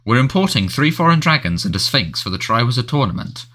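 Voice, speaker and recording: A man's voice: mid-range voice, very animated, pushed and bright. A man doing a flustered, blustering wizard official. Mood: brisk, fussy. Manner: blustering, brisk and dismissive. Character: flustered middle-aged male wizard official.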